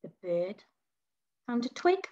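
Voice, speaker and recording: A woman reading a children's storybook aloud for a school, dramatic and expressive, with whispers and gasps. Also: a little high, slow, dull audio.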